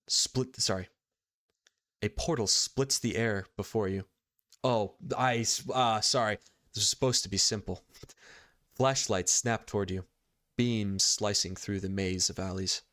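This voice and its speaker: A man with a low-side voice, bright and forceful, runs a tabletop game, narrating scenes and taking on side characters. Laughter comes easily to him, and he frequently stumbles and fixes his reading. The recording is studio quality without echo.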